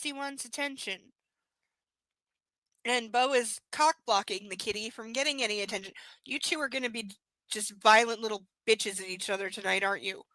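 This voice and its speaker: A woman's voice: high voice, pushed and bright, dry recording, low-quality recording. A woman chatting casually on a live stream, rambling and playful, sometimes slipping into baby talk with her pets. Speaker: streamer reading aloud.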